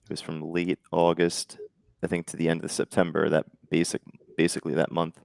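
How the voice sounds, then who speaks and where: A very deep, gravelly male voice recorded dry and close. He hosts a live trading show in a loose, easygoing, chatty way. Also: a little fast, no echo. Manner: relaxed, conversational, lots of fillers. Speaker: day trading show host. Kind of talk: casual live trading chat.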